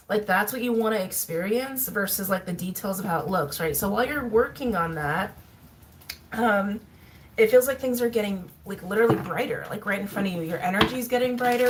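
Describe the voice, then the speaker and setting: A woman giving a casual tarot reading to her viewers, talking in a chatty, musing way with fillers and soft laughs. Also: mid-range voice. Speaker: tarot reader. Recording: faint background noise and clicks.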